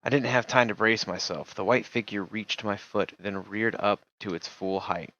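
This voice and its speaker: A man streams himself reading a text game aloud, tossing off casual remarks between the narration. His voice sits fairly low and has a sharp tone, he talks at a normal speed, and the sound is lo-fi.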